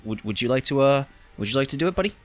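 A man hosting a gameplay video, chatting casually in an excitable, profane, rambling way. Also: medium pitch, racing. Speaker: gaming channel host.

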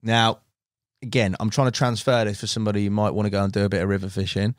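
Male podcast host, low voice, dry close mic, matey and chatty. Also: level tone, dry recording. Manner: matey, quick questions and short encouraging replies. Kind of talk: casual interview chat.

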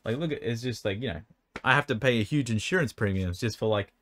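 A man's voice: medium pitch, fast, fairly bright tone. A man answering viewer questions about selling cards in casual chat, rambling and stumbling over words, his mouth dry and hiccuping. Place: indoor room by an air conditioner.

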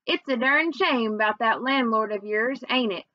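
A man's voice: very high-pitched, moderate pace, dry recording, highs cut off. A woman voicing a kindly older homeless man with folksy talk, read aloud from a storybook. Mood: sympathetic.

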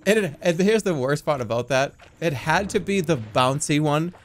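A man with a high voice rambles casually to his live-stream chat from a desk mic, his pitch leaping all over. He is giggly and keeps cracking up into helpless laughter. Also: expressive, moderate pace.

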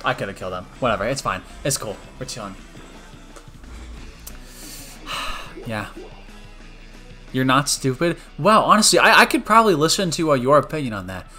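A young man commentating his own online gameplay on a stream, joking and switching between loud outbursts and quiet mumbles. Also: mid-range voice, sing-song, a little fast, soft background music. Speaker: gaming streamer.

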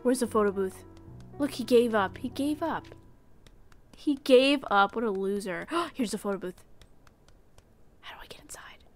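A woman's voice: a little high, normal speed, soft background music. A woman streamer giving casual gameplay commentary, playful and mock-indignant as she talks to the game's characters in character.

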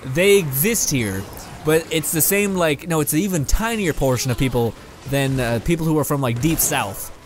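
Faint music sits behind a young Canadian gaming YouTuber whose slightly high voice moves at a normal speed. Playing a video game, he gives casual let's play commentary that rambles and is full of laughs, with the odd curse thrown at the game.

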